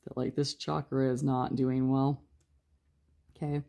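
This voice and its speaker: Woman tarot reader, gravelly and dark-toned, hushed and chatty. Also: rumbling low, little pitch movement, measured pace. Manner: chatty, rambling, lots of fillers; talking quietly. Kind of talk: casual spoken tarot reading.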